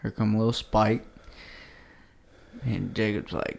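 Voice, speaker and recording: A man's voice: fairly low pitch, a little slow, creaky, pauses often. A man on a podcast telling a hunting story in casual, profane slang, acting out the quoted lines and dropping to a whisper for them. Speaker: podcast co-host.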